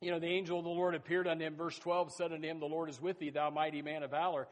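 A man preaching a sermon as pastor, emphatic and folksy, swinging between loud bursts and soft asides and repeating his phrases. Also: on the high side, flat delivery, very fast. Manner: folksy, addresses listeners as folks and says amen.

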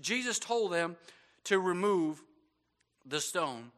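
A man's voice: sits high, brisk, pushed and bright. A man preaching a sermon as pastor, with frequent amens and repeated stumbles on words.

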